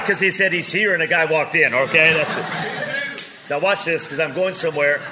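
Male preacher, fairly high voice, animated comic sermon, faint background ambience. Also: brisk, crowd noise, background noise. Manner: animated, joking, swings from loud to quiet.

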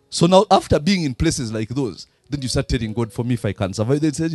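A man's voice: medium pitch, expressive, fast, few pauses, darkish tone, no room sound, soft background music. A man with a Ugandan accent preaching a sermon, throwing fill-in questions to the congregation. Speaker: pastor.

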